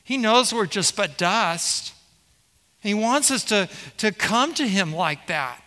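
A pastor delivers a sermon in a high, ringing voice that trails off in a long hall reverb, taking it slowly and animatedly. He walks the congregation through scripture with question after question, his tone bright and forceful as he presses each point.

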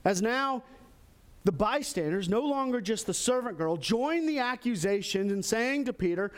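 High-voiced man preaching a sermon. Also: normal speed. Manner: animated, acts out quoted lines with sudden pitch jumps. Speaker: pastor. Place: church in Texas.

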